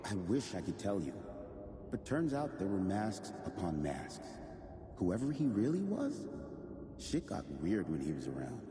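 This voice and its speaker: A man's voice: low voice, wildly swooping pitch, a little slow, exaggerated voice. An actor playing a haunted man in a video game, recounting events in an ominous storytelling manner. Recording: reverberant game scene with ambient noise.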